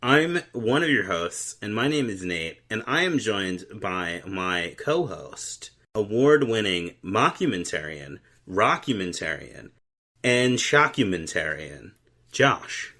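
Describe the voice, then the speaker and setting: Lively, animated man hosting a podcast. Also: lowish voice, takes it slowly. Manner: animated, laughing, stumbles over words. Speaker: podcast host. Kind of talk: casual comedy podcast chat.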